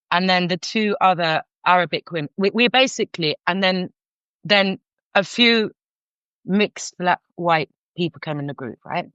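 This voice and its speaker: A woman's voice: fairly low pitch, smooth, dry recording. Middle-aged London woman, frank storyteller with lots of restarts, dry and slightly muffled audio. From North London, England. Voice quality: frank, animated, many restarts. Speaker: guest, counsellor. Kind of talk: candid storytelling. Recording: dull lo-fi sound.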